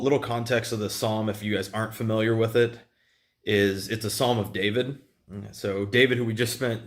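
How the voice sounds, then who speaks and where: A man giving a casual, conversational sermon with many fillers and restarts. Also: lowish voice. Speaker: preacher.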